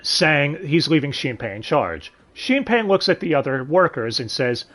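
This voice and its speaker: A man's voice: mid-range voice, very animated, a little fast, hardly any pauses, a bit bright. A man reviewing a dub in casual commentary, sarcastic and swearing, with sighs and questions to his listeners. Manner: sarcastic, swears often, sighs and asks the audience.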